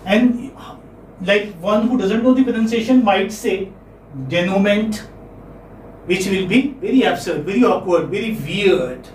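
High-voiced lecturer in an echoey room. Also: male voice, normal speed, slight background noise. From India. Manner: repeats key phrases, checks in with "okay?". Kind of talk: classroom lecture. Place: classroom. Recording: echoey classroom from far off.

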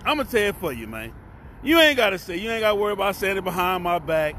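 A fifty-one-year-old man with a Southern US accent, talking straight to the camera in a loose, profane rant. His voice sits a little high for a man. He swings from bursts of shouting down to low mumbles, with faint street and traffic noise around him. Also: sing-song, fast talker. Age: 50s. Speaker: vlogger and podcast host. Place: cheap hotel room near train tracks.

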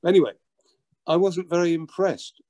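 An older man with a somewhat high-pitched voice recalls a story from his past. He talks animatedly, stumbles and repeats words as he acts out scenes, and often throws in "you know.". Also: moderate pace, dark tone. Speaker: interview guest, drummer. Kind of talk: anecdotal storytelling.

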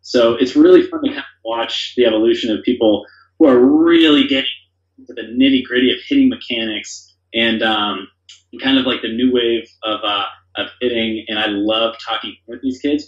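On a podcast, a male founder talks in a brisk, medium-pitched voice, keeping things casual and excited. He rambles a lot and leans on filler words. The audio comes across as dull with a roomy echo.

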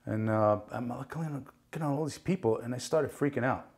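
A man from New Jersey tells stories from his acting life in a relaxed interview. He talks with energy, slips into other people's voices when he quotes them, and swears in passing. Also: mid-range voice, brisk. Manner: animated, acts out quoted voices, swears casually. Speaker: guest actor. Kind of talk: casual interview storytelling.

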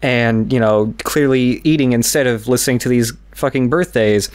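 A man's voice: mid-range voice, normal speed, clear, resonant tone. A young man co-hosting a podcast, casually telling a rambling story with laughs and swearing. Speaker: podcast co-host. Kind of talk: casual chat.

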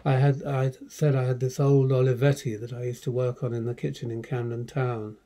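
Older male director, dark mellow tone, casual swearing raconteur who rambles and restarts. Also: medium pitch, little pitch movement, fairly quick. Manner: rambling, profane, self-interrupting. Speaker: film director. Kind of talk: casual anecdotal commentary.

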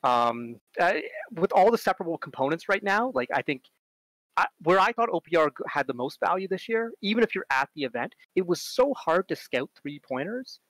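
A man giving a casual conference talk, chatty, full of fillers, and animated when he tells stories. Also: a little high, a little fast, no echo, rough recording. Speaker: conference speaker on robotics strategy.

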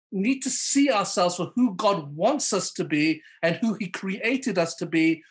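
A high-pitched man preaches at a live online church service, pausing after nearly every point to ask "okay?" or "all right?". He also names listeners directly and plays out the lines he quotes.

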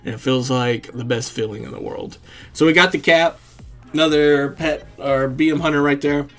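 A man's voice: fairly high pitch, fairly even intonation, normal speed, fairly bright tone, faint music behind. A man giving casual, rambling commentary over his own gameplay, swearing freely and chuckling often. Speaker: gaming commentator.

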